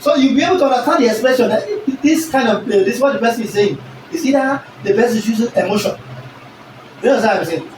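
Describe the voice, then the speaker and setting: A male teacher, giving an animated lesson and constantly checking that the class understands. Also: very high-pitched, quick pace, a little hiss or hum. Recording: echoey room recorded from a distance.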